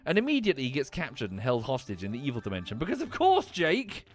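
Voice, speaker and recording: Animated, swearing streamer in his thirties. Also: medium pitch, quick pace. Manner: animated, swearing, frequent restarts. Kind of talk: casual rambling chat.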